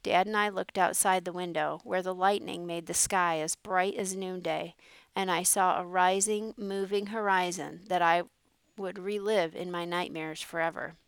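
Woman narrator, smooth and clear, close dry sound, measured storybook reading. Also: on the low side, steady tone, no room sound.

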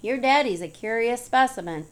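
A woman's voice: fairly high pitch, animated, normal speed, pitched above the performer's own voice, close to an everyday voice. A woman voicing a tall, tough, blunt woman with a wry, drawling, teasing manner in an audiobook.

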